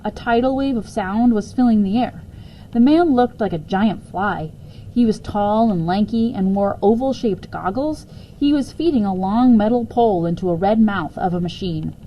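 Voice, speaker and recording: A woman reading a children's chapter book aloud with expressive, dramatic storytelling. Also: mid-range voice, normal speed, highs cut off, a little hiss or hum.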